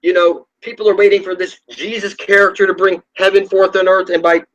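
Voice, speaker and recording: A man's high voice with little pitch movement comes through brisk and fairly bright, though the highs are cut off. He is an online video ranter at home, pouring out a scornful, preachy spiritual tirade laced with profanity, rambling and repeatedly trailing off to begin again.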